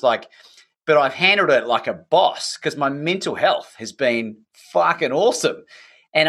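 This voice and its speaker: A man's voice: mid-range voice, a bit bright. Emphatic, enthusiastic man. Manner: enthusiastic, emphatic, casual swearing. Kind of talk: casual conversation.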